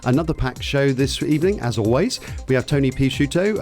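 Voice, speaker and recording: Male local-radio host, casual and self-deprecating, mid-pitched voice, faint music bed. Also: lively intonation, a little fast, a little mellow. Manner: chatty, self-deprecating, stumbles over names. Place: radio studio.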